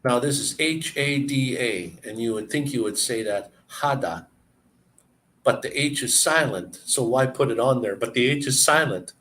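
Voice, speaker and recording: A man chatting casually and explaining words, halting and searching for words as he goes. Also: mid-range voice, a bit bright. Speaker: person explaining language to a visitor. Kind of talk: casual chat.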